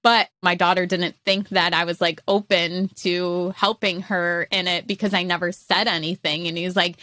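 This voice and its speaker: Bright-voiced chatty woman co-host. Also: lowish voice, little pitch movement, moderate pace, few pauses, no room sound. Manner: storytelling, chatty. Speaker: podcast co-host. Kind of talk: casual chat.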